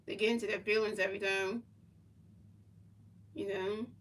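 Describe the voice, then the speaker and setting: A woman's voice: medium pitch, level tone, moderate pace, a bit bright, far from the mic, poor audio. A woman streamer in casual chat, rambling and repeating herself as she answers her chat. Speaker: livestreamer.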